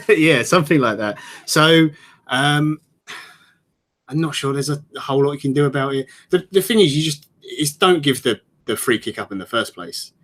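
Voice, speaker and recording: A man's voice: on the high side, animated, normal speed, a bit bright. A man giving casual football analysis on a podcast, rambling and talking through lots of fillers and restarts. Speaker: podcast pundit.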